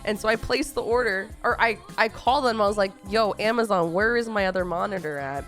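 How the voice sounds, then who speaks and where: Faint music plays behind this streamer, a young Texan woman with a cold whose medium-pitched voice is brisk and a bit bright. She chats casually, rambling through a tale with exasperated remarks along the way.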